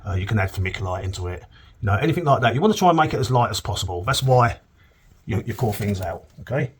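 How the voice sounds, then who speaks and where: Low-voiced plasterer, chatty. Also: male voice, animated, fast talker, husky. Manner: chatty and joking, keeps checking in with "okay?". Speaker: plasterer demonstrating cornice work. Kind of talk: casual on-the-job demonstration. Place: indoor room on a work site.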